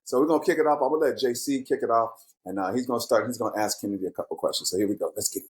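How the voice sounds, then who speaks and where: A man's voice: mid-range voice, racing, poor audio. A middle-aged man hosting a casual, heartfelt chat with his grown kids, speaking candidly and reflectively. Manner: candid, reflective, animated when quoting himself. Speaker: podcast host and father.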